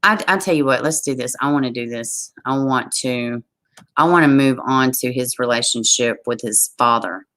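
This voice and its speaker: Brief: Southern woman, tired, very deep voice, true crime livestream host who reads aloud and chats with the viewers. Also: normal speed, fairly bright tone. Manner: reads a case aloud, trails off and greets viewers. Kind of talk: reading aloud and chatting on a livestream.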